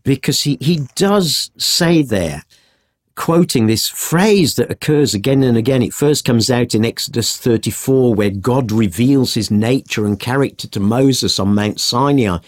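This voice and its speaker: A man's voice: mid-range voice, measured pace. A man teaching a Bible story in a conversational podcast, acting out the quotes as he tells it. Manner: animated storytelling with acted-out quotes.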